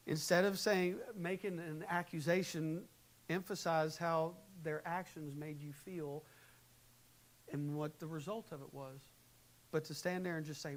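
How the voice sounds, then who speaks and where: A man preaching a sermon in a church, animated, shifting between quiet, calm advice and loud, acted-out quotes. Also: on the high side, unhurried, poor audio. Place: church sanctuary. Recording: faint hiss, live church recording.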